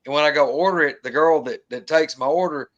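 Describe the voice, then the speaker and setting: A man, telling a long encounter story in casual talk, colloquial and animated, mimicking the sounds he heard. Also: a little high, fairly quick, dull audio.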